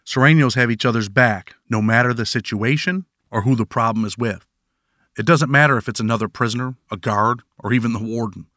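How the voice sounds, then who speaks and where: A man's voice: mid-range voice, fairly quick, pushed and bright, no echo. A man narrating his own prison memoir in first person, with dry, wry storytelling.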